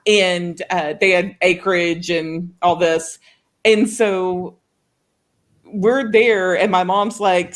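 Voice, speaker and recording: A woman from Oklahoma co-hosting a show, telling a story in casual chat with an animated, laughing manner. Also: lowish voice, takes it slowly. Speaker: co-host of a writing show.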